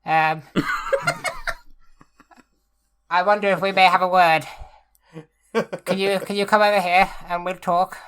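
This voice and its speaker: A woman puts on an eloquent male goblin-speaker, jolly and coaxing, raising the voice high and loud. The voice sits low for a woman, with polite, chummy warmth. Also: level tone, measured pace, pauses often, smooth, lightly acted.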